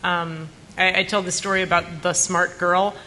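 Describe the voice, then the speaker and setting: A woman in her fifties, a conference panelist telling a blunt, lively anecdote. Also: on the low side, normal speed, slight background noise, rough recording.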